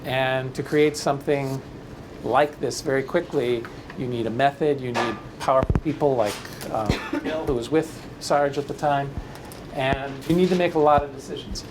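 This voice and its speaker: A man leading a classroom workshop with slides, talking in halting phrases with frequent fillers and restarts. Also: mid-range voice, steady tone. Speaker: workshop leader. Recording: noisy room recording.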